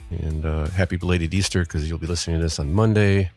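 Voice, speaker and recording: A middle-aged man, co-hosting a casual podcast and telling rambling stories, with loud acted-out quotes. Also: low-pitched, fairly even intonation, quick pace, soft background music. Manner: rambling storyteller, acts out quotes loudly. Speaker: podcast co-host. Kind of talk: casual chat.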